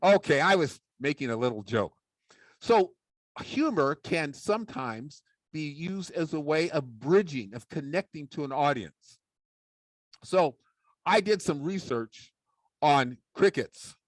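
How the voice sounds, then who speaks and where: A man's voice: a little high, lively intonation, a little slow, no room sound. A man giving a humorous talk on public speaking, playful and mock-serious. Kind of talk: humorous speech with ventriloquism.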